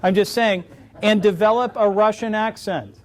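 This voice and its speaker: A middle-aged man fields questions after his lecture in a conference hall, his voice sitting high for a man. He talks as a wry storyteller, slipping jokes into his answers. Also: steady tone, moderate pace. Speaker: conference speaker.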